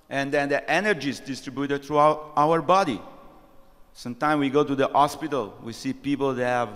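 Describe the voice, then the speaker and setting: A man's voice: fairly high pitch, a bit bright. Man telling scripture stories in a hall. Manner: storytelling, acts out quotes. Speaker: temple speaker. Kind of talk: scripture class with storytelling. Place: temple lecture hall. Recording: long reverb of a large hall.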